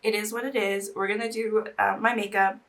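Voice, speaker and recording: A woman's voice: medium pitch, little pitch movement, fairly quick, a bit bright, distant mic. A young woman in casual get-ready-with-me chat, emotional and teary, sighing between bursts of chatter. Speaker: beauty vlogger. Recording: voice a little off-mic.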